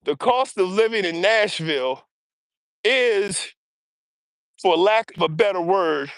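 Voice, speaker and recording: Male livestream host, breathy on the move, energetic and chatty, high voice, dry close mic. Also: slow pace, no echo. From US East Coast. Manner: energetic, chatty, greets viewers by name. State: audibly breathing hard while walking. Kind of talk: casual livestream chat while walking. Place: outdoors on an early-morning walk. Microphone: earbuds or small mic.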